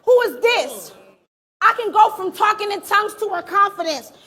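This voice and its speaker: A woman performing a live battle rap, taunting her opponent with aggressive, shouted punchlines. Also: extremely high pitch, lively intonation, moderate pace. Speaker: battle rapper. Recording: live event with crowd behind.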